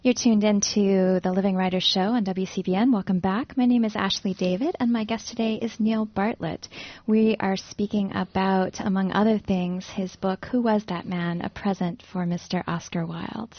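A woman hosting a radio interview show, giving clear, scripted station announcements. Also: medium pitch, fairly even intonation, normal speed, hardly any pauses, dry recording. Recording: dull lo-fi radio broadcast.

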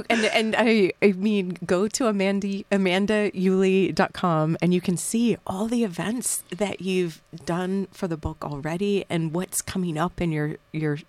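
Woman radio host, lower voice, casual chatty interviewer with laughs and restarts. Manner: warm rambling with frequent laughs and restarts. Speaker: radio books show host. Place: radio studio.

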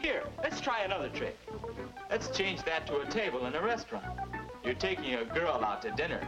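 A man's voice: a little high, very animated, normal speed, low-quality recording. A young man playing a boy's earnest grown-up self in an old educational film, talking in an instructive way. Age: young adult. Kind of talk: 1950s educational film acting. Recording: old film soundtrack with music.

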